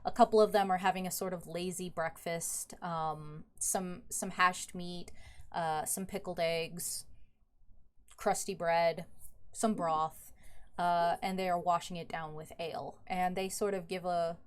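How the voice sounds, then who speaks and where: A woman running a tabletop game as dungeon master, narrating scenes in a relaxed, descriptive way with fillers. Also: lowish voice, unhurried.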